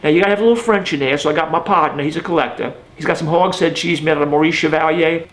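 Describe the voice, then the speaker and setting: A man's voice: fairly high pitch, steady tone, rapid-fire, fairly bright tone, close to an everyday voice. A comedian playing a brash, rambling local man from New Orleans who gives advice over the phone, with a New Orleans accent. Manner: brash, rambling phone patter with "okay?" tags. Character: fast-talking local man giving tips on the phone. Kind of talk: live one-man stand-up sketch.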